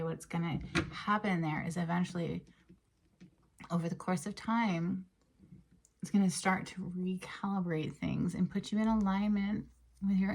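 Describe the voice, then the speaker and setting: Woman doing a chatty tarot reading, low gravelly voice, kinda emotional, goes breathy and whispery sometimes. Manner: chatty and emotional, with frequent fillers and soft laughs. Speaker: tarot reader. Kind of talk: casual tarot card reading.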